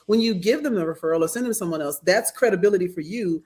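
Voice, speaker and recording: A woman's voice: medium pitch, brisk, a little mellow. A woman moderating a panel, chatty and inquisitive as she asks questions. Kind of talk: casual panel chat.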